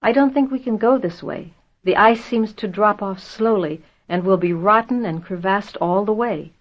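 A woman voicing a weary male sledging companion who speaks in a hushed, gasping way. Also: mid-range voice, normal speed, natural voice. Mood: calm. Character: weary male sled companion, steady and calm. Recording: dull lo-fi audio.

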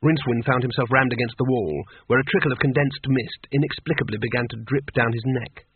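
A man reading a story aloud as narrator in a dry, measured way, with a husky voice. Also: medium pitch, noisy background. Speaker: audiobook reader. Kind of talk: scripted narration. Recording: tinny phone-like sound, dry.

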